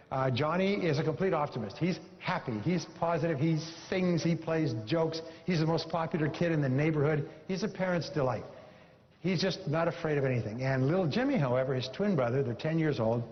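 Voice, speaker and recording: A man with a fairly high voice gives a motivational seminar speech and drives his points home with emphatic repetition. He tells a story to the room. The recording is dull and lo-fi, with a long reverb from the hall. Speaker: motivational speaker.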